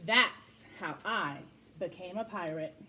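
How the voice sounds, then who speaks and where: A woman and parent reading a children's picture book aloud, telling the story in an expressive, lively way. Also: lowish voice, slow pace, slight background noise.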